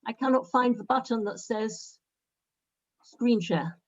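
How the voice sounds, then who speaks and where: A woman hosting an online meeting, talking haltingly with many fillers while she sorts out settings on a video call. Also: on the high side, highs cut off. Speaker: event host.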